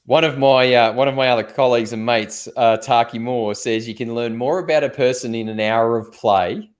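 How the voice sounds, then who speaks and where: A man with a voice of ordinary pitch hosts an interview, building up a question for his guest. He speaks in a measured way and pauses to find his words. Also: steady tone. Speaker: podcast host. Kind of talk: conversational interview.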